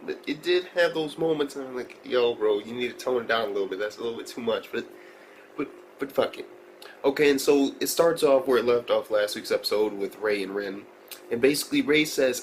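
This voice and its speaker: A man with a mid-range voice rambles through an anime episode review, swearing freely and piling on slang. He gets excitable as he talks. There is a faint hiss of background noise behind him. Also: medium pitch, brisk, low-quality recording. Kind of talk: casual video review.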